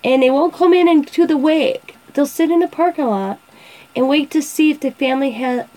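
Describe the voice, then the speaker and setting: A show host in her forties chats and tells funny family stories, laughing frequently and acting out other people's words. Her voice sits high with a dark tone and moderate pace. The audio is poor.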